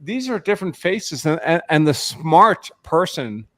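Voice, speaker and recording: A man on a casual panel, explaining points in a measured way as a lawyer. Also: on the high side, sing-song, a bit bright, no room sound, studio quality.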